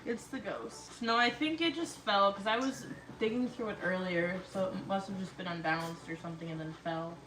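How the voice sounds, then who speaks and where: A woman's voice: medium pitch, moderate pace. A woman hosting a show, retelling a funny story in casual chat and laughing often as she goes. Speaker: podcast host. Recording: echoey room with loud background noise.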